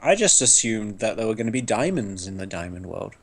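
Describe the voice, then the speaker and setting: A man chatting casually in a game let's play, dropping deadpan quips. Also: on the low side, a little fast. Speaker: co-player.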